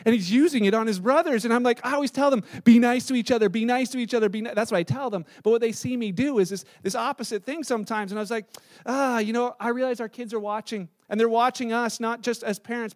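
A man's voice: extremely high pitch, dry recording, studio quality. A middle-aged man giving a sermon as pastor, conversational and storytelling, with asides and restarts.

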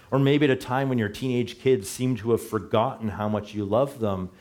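Preaching in church, a middle-aged pastor talks conversationally in a fairly low, slightly mellow voice. He fixes his own mistakes along the way and laughs softly when he slips.

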